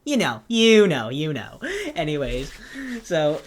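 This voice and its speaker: A woman's voice: low-pitched, sing-song, slow, heavily acted. A woman voicing a rambling, unhinged male hot dog who stammers and keeps cutting himself off. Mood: offhand. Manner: rambling, stammering, self-interrupting. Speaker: voice actor auditioning. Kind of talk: casting call audition.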